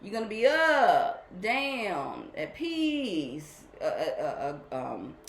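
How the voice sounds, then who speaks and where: A woman's voice: mid-range voice, big pitch swings, slow pace, vocal fry, echoey room. Rambling, affectionate woman spiritual host. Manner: rambling, repeats herself, affectionate. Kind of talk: casual spiritual talk to followers.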